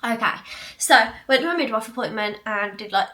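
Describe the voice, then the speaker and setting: A woman's voice: on the high side, a little fast, bright, forceful tone, roomy sound, far from the mic. A young woman vlogging in casual chat at home, rambling, with lots of likes and ums. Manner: chatty, rambling, many fillers. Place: cluttered home room.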